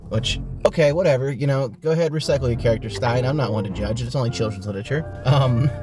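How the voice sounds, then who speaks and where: A man's voice: medium pitch, fast. A man hosting a podcast, recapping a book in a casual, sarcastic, profane way. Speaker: podcast host.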